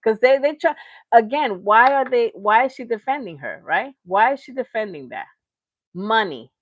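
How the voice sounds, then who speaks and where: A woman with a fairly high voice delivers a heated, slangy livestream rant, hitting her points hard and pressing them home. The sound is dry and a little dull, like a modest home setup. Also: animated, normal speed, no room sound. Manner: heated, slangy, emphatic ranting. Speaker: reaction show host.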